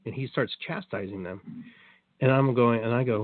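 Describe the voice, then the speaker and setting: A man hosting a show, telling a story in a casual, animated way, acting out what people said and swearing now and then. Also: medium pitch, moderate pace, no room sound. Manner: animated, acts out quotes, swears. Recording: dry tinny phone-like line.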